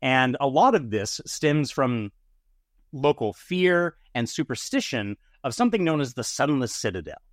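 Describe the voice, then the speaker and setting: A man acting as dungeon master, narrating a tabletop game in an unhurried way with frequent fillers. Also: medium pitch, no echo, clean studio sound.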